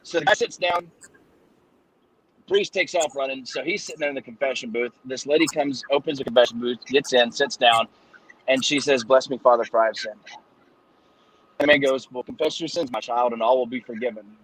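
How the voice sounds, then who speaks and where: Husky-voiced man rambling through a joke. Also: mid-range voice, a little fast, a bit bright, rough recording. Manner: rambling storyteller, acts out voices. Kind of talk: casual joke-telling chat.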